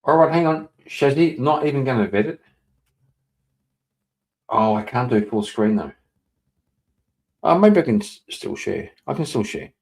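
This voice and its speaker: A man streaming live, chatting casually and reading out viewer messages. He rambles, swears, laughs often and breaks into sudden loud, excited outbursts. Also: mid-range voice, unhurried, vocal fry, long pauses. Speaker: livestreamer.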